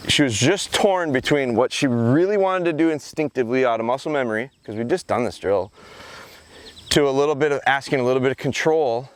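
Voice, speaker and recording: A man explaining dog training drills out in a rural field, switching between calm explanation and short commands and praise. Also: medium pitch, brisk, clear, resonant tone. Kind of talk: outdoor training vlog, explaining while working the dog.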